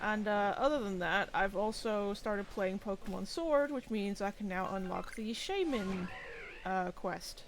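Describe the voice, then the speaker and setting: A man's voice: high-pitched, a little slow, noisy background. A man co-hosting a game stream, talking in a rambling, easygoing way full of fillers. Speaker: co-host streamer. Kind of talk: casual gameplay chat.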